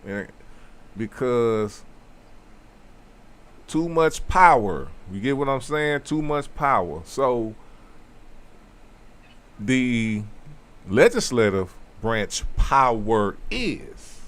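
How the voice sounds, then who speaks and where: Slow, emphatic man explaining. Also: medium pitch, sing-song, fairly bright tone. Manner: slow, emphatic, repeats key phrases; loose conversational asides. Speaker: host. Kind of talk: casual explainer talk.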